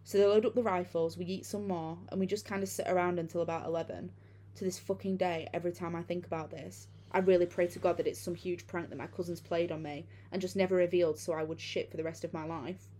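A woman's voice: on the low side, steady tone, fast talker, warm tone, a little hiss or hum. A woman reading a first-person horror story aloud in a casual, profane way. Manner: casual, profane retelling with many fillers. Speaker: narrator.

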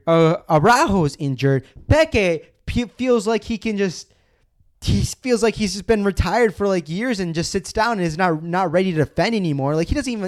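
Excitable, ranting football podcast man. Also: high-pitched, moderate pace. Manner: excitable, ranting, swears often, frequent restarts. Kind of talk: casual football chat.

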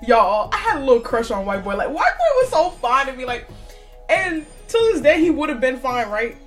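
A woman's voice: high voice, very animated, normal speed, over music. A woman hosting a podcast, giving blunt, profane opinions in casual chat and often breaking into laughter. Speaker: podcast host.

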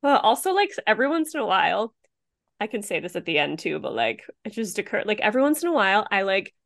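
A woman's voice: mid-range voice, sing-song, quick pace, gravelly, fairly bright tone. A woman co-hosting a true-crime podcast, chatty and blunt, swearing often and filling her talk with "like.". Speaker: podcast co-host.

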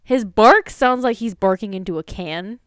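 A woman co-hosting a casual podcast, reacting quickly and teasing with playful mock quotes. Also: mid-range voice, clean tone, no echo, studio quality. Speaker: podcast co-host. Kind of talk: casual chat.

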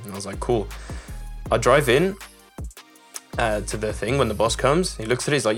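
A young man from the Czech Republic, telling a story in loose, swearing, animated casual chat on a podcast. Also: fairly low pitch, a little fast, pauses often, soft background music. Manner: swearing, animated storyteller doing character voices.

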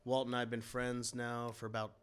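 Brief: male podcast guest, smooth, resonant voice, relaxed storytelling. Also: medium pitch, brisk. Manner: laid-back storyteller, laughs often. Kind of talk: casual podcast chat.

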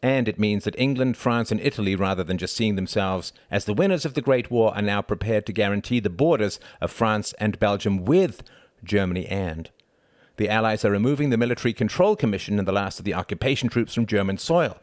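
A pompous father holds forth over cognac, explaining world affairs to his sons in a lecturing tone, as an audiobook narrator puts him on. The voice sits a little low, and the recording is dry and close. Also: expressive, a little fast, no room sound, close to an everyday voice. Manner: instructive, pompous. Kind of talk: audiobook character voice.

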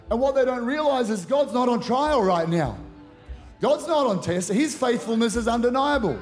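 A man's voice: very high-pitched, animated, moderate pace, a little mellow, faint music behind. A middle-aged male pastor preaching a conference sermon into a handheld microphone, emphatic and acting out prayers. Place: large church auditorium at a conference.

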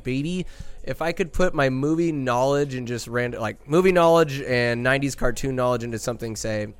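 A man's voice: mid-range voice, fairly bright tone. A young man hosting a podcast, rambling enthusiastically through a comedic movie recap with crude jokes. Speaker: podcast host.

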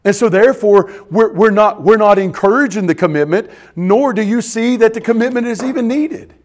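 Man pastor, high voice, emphatic repetitive sermon delivery. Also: brisk, a little hiss or hum. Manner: emphatic, repetitive, asks the congregation questions.

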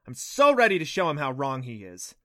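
A fierce teenage girl, put on by a man reading, speaks with urgent indignation. Her voice jumps up high and loud when she gives orders. It is a storybook reading. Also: wildly swooping pitch, a little fast, no room sound, clean studio sound. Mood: indignant.

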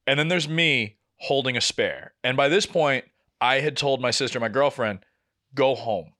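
A man's voice: mid-range voice, normal speed. Exasperated young man telling a rant story. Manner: animated, exasperated, swears freely, acts out quotes. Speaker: podcast co-host. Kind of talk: casual storytelling chat.

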